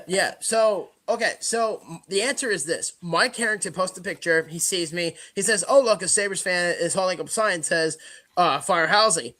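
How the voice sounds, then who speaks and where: A middle-aged man tells a story in loose podcast chat. His voice is bright and forward. He laughs as he talks and acts out the lines of the people in the story. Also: sits high, normal speed. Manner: animated, laughing storyteller who acts out shouted quotes. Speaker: podcast co-host.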